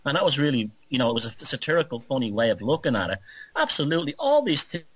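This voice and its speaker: A man interviewing on talk radio, speaking in animated, critical, long run-on stretches. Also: mid-range voice, fast talker, slightly rough, no echo, poor audio.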